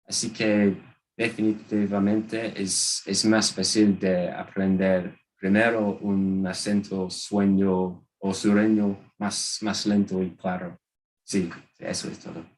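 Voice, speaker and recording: Deep-voiced British man, hesitant. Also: level tone, unhurried, a little mellow, rough recording. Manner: hesitant, many ums and restarts. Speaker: guest speaker at a language exchange. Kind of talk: casual panel answer, switching to Spanish.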